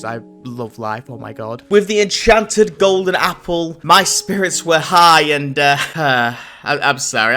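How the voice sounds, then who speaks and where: A man giving casual commentary and narration over his own gameplay, animated and often stammering through restarts. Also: fairly high pitch, unhurried, few pauses, faint music behind. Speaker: gaming video creator.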